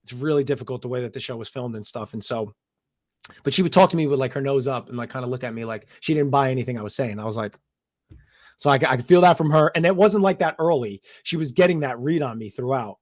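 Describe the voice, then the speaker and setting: A man's voice: medium pitch, quick pace, dry recording. Young male guest from New Jersey, rambling storyteller, dry close sound. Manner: rambling, animated retelling with many "I was like" quotes. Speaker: interview guest. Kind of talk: casual storytelling interview.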